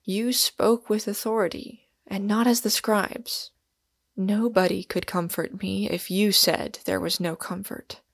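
A woman's voice: mid-range voice, steady tone, a little slow, no room sound. A woman reading the part of a massive, earnest young man in an audiobook, speaking with urgent, pleading passion.

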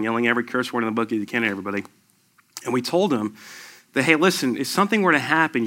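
Man, middle-aged veteran, quick delivery, bright forceful tone, emphatic storyteller. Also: mid-range voice. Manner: conversational storyteller, emphatic and animated. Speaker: military veteran speaker. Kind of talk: personal story told to an audience.

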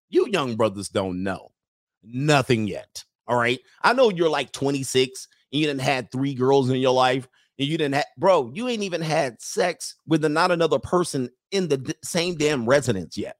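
A man in his forties hosting a livestream, joking loudly in a slangy, animated way while reading chat. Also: mid-range voice, no room sound, studio quality. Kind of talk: comedic livestream rant.

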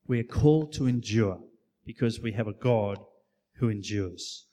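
A man's voice: lowish voice, dark tone. Sex: man. Role: preacher. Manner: earnest, measured, with fillers and restarts. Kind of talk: sermon. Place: church hall.

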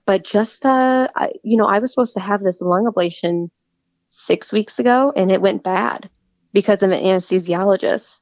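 A woman's voice: medium pitch, normal speed, dry recording. A woman talks earnestly in a casual interview, often restarting and repeating words as she goes. The recording is dull and lo-fi, with no room sound at all. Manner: earnest, repeats words when starting sentences. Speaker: guest, cancer patient. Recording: dull lo-fi dry audio.

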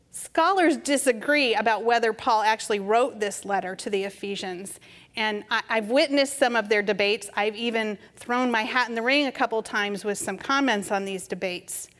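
A middle-aged woman with a somewhat high voice delivers a conversational sermon. She speaks gently and without hurry, telling stories that lead into her message. Her words ring out with a long reverb, as if spoken in a large church sanctuary. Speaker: preacher. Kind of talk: storytelling sermon. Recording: reverberant hall.

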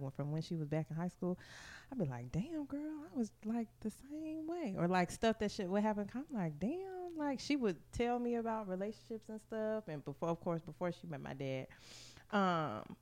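A woman's voice: lowish voice, animated, normal speed, a little mellow. Candid, profane woman chatting. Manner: candid, profane, lots of fillers. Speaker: podcast co-host. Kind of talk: casual chat.

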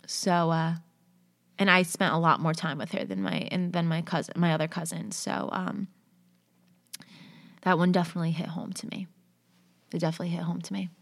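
A young adult woman with a lower-than-usual voice shares stories in an easy, conversational way. Her talk is loose and unpolished, and she often pauses on "um" and "like" as she works through each tale. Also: a bit bright, no echo. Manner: conversational, with frequent fillers like "um" and "like". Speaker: storyteller. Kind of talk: casual spoken storytelling and reading of stories.

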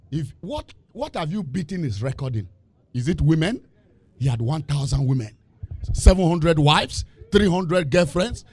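A male preacher giving a lively sermon, asking the congregation questions and laughing between points. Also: fairly high pitch, measured pace, pauses often, slightly rough. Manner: animated, call-and-response questions, laughing asides.

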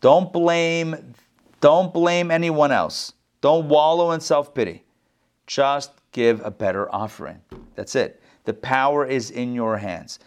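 A man's voice: on the high side, takes it slowly, clear, resonant tone. A middle-aged man giving a conversational Torah lesson. He jokes often, repeats words as he goes, and adds chatty asides. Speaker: rabbi teaching Torah class.

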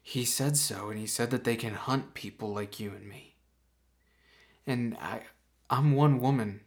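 A man's voice: mid-range voice, measured pace, natural voice. A man playing a protective older woman. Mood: earnest. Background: background music.

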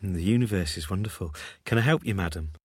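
A man's voice: deep voice, fast, over music, natural voice. A man playing a dreamy Mancunian chemist. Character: dreamy stargazing young male pharmacist.

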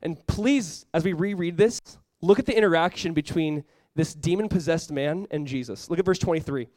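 A man's voice: on the high side, normal speed, a little mellow, no echo. A man preaching a sermon as pastor, earnest and conversational, often acting out what people say.

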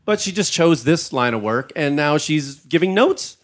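A man, a comedian co-hosting a podcast, tells a story in a relaxed, rambling way. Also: on the high side, moderate pace. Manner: relaxed and rambling, with frequent restarts. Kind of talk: casual storytelling.

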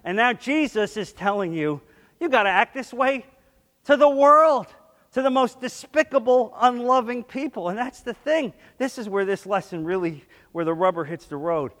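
A man preaching a sermon as pastor, emphatic, swinging between loud bursts and quiet asides. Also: high-pitched, normal speed. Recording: long hall reverb.

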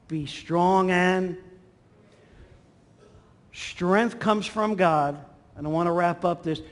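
Animated preacher man, echoing hall. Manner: animated, acts out quotes with swings in pitch and volume. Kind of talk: sermon. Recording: long hall reverb.

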